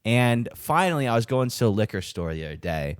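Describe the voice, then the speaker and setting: Young male podcast co-host, profane, lively delivery, dry close sound. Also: medium pitch, brisk, clean tone, no room sound. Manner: profane, animated storytelling with acted-out quotes. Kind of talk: casual chat. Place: Denver.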